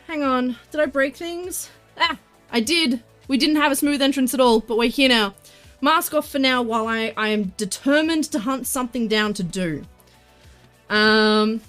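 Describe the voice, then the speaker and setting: A woman livestreaming as she crafts, chatting casually and greeting viewers with excitement. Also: high voice, normal speed, soft background music. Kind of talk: casual live-stream chat while crafting.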